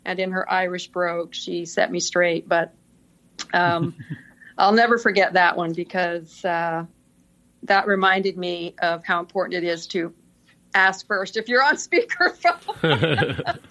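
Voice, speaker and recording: A woman's voice: on the low side, slow, pauses often, bright, forceful tone. A middle-aged woman, a podcast guest, telling work stories casually and laughing often. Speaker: podcast guest, senior executive assistant. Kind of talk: casual interview storytelling.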